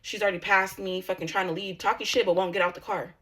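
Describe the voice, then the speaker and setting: A woman's voice: lowish voice, fairly even intonation, fast talker, bright, forceful tone. A woman YouTuber telling a personal story in a casual vlog, blunt and heavy on profanity.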